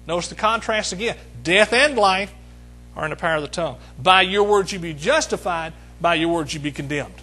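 A man's voice: sits high, fairly quick, bright, forceful tone, low-quality recording. A middle-aged man preaching a sermon, emphatic, repeating his phrases and calling out to the congregation.

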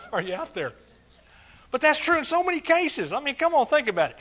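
A middle-aged preacher with a high voice delivers a folksy, joking sermon. He breaks into lively shouts of praise now and then. The recording sounds dull and lo-fi. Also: fairly quick. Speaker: pastor.

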